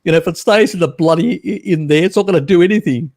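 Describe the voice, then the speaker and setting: A man hosts a casual live stream, bantering with the chat. He teases, jokes and breaks into laughter often. His voice sits a little high for a man. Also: fast talker, a little mellow. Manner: laughs often, teasing and cheeky.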